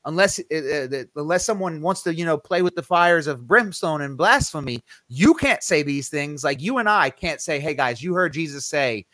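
A man's voice: a little high, lively intonation, normal speed, hardly any pauses, bright, forceful tone, no echo. A man hosting a podcast Bible study, explaining scripture in a casual, conversational way and leaning hard on quoted verses. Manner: conversational, self-correcting, emphatic on scripture quotes.

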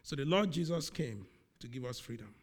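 A man preaching a sermon, speaking slowly and with emphasis, often repeating key words. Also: mid-range voice, expressive.

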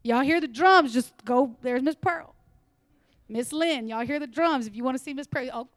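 A woman preaching a sermon to a church, animated and laughing, sometimes dropping into whispers. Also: high voice, moderate pace, no room sound.

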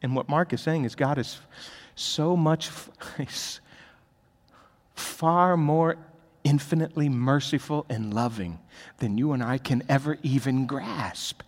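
A man preaching a sermon as pastor, swinging between quiet asides and loud emphatic peaks in a large church hall. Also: mid-range voice, measured pace. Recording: long reverb of a large hall.

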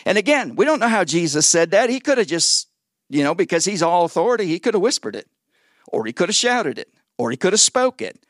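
A man's voice: high-pitched, a little fast, dry recording, clean studio sound. A man preaching as a guest pastor in a church service. He jokes, stumbles over repeated words, and calls on the congregation to answer back. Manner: lively and joking, calls on the congregation for responses. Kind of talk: sermon.

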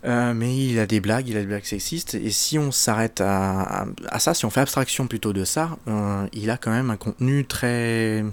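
Guy presenting a comedian, kinda low voice, lots of pauses and restarts, casual. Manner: hesitant, with many fillers and restarts. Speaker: video presenter. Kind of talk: casual commentary intro.

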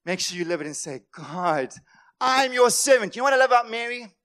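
High-voiced impassioned pastor. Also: male voice, animated, brisk. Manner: impassioned, swings between loud emphatic lines and quiet asides; acts out voices of worried people. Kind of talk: sermon.

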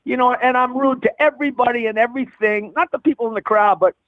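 A comedian guest telling blunt stories over the phone, rambling with frequent restarts. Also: male voice, very high voice, quick pace, no echo. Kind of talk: phone interview, storytelling. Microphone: telephone. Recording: dry phone line.

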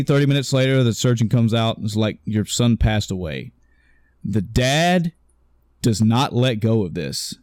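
A man's voice: medium pitch, a little mellow, no room sound. A man co-hosting a casual podcast chat, rambling and correcting himself as he retells a story, swearing offhand and acting out the characters' lines. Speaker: podcast co-host.

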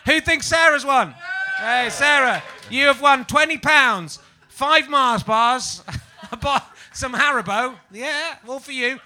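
A man's voice: extremely high pitch, slow, hardly any pauses, pushed and bright. A man hosting a live comedy podcast on stage, teasing the audience as a laughing quizmaster. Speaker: podcast host running an audience quiz.

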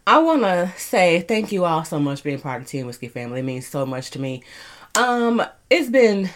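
Woman hosting her own chatty podcast, lively, exclamatory, laughs a lot, mid pitch. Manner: animated and exclamatory, laughs often, swoops up in pitch. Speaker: podcast host.

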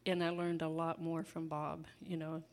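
An older woman with a somewhat low voice delivers a relaxed sermon. She talks in a homey, conversational way, full of asides and easy laughter. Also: moderate pace. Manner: chatty, laughing, folksy asides. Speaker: preacher. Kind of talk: informal sermon.

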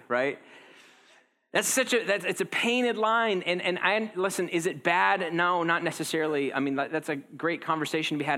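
A man in his thirties preaching a conversational sermon, acting out quotes with lively shifts in tone. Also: a little high. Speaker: pastor.

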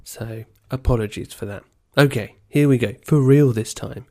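A man's voice: mid-range voice, normal speed, a little mellow. A man hosting a casual podcast, rambling and teasing his co-host, on a poor-quality home mic. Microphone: poor-quality home microphone.

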